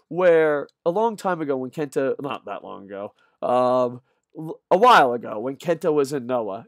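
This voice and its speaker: A man ranting in a rambling, profane fan vlog, tired and punch drunk, swinging from loud shouts to low mutters. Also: no room sound, studio quality. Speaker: wrestling vlogger. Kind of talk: excited fan vlog rant.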